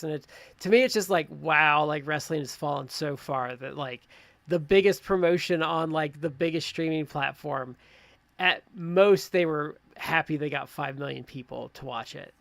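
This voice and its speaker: A man co-hosting a podcast in casual chat, giving quick, animated, rambling opinions. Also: a little high, creaky, dry recording. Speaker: podcast co-host.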